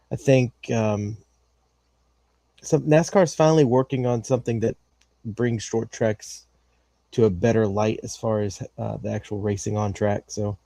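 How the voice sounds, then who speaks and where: A man's voice: mid-range voice, dark tone, no echo. A man co-hosting a racing podcast, talking in a rambling way with many fillers and restarts. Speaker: podcast co-host. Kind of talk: casual chat.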